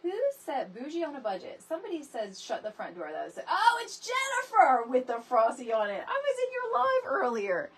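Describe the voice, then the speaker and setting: A middle-aged woman hosting a casual craft tutorial livestream, chatty and animated, greeting viewers by name from her home craft room. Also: sits high, fairly quick, hardly any pauses, breathy edge. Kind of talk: casual live crafting chat.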